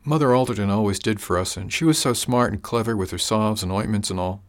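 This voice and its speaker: A man's voice: lowish voice, quick pace, close to an everyday voice. A man doing a shy, earnest young country woman. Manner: hesitant, earnest, rustic speech.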